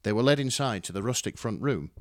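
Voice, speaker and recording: A man's voice: on the low side, lively intonation, fast talker, no room sound, clean studio sound. A man reading a fan story aloud with dramatic, wry narration. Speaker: story reader. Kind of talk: expressive fan fiction reading.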